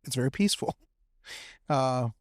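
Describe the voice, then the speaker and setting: A man guest on a podcast, chatting casually and telling stories in an animated way, laughing often and saying "man" a lot. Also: mid-range voice, moderate pace, no room sound, studio quality. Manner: animated, laughs often, lots of fillers like "man" and "you know". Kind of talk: casual chat, storytelling.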